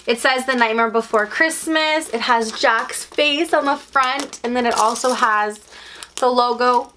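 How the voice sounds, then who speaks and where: A young woman vlogging an unboxing, chatting to her viewers with gushing, breathless excitement. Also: a little high, a little hiss or hum.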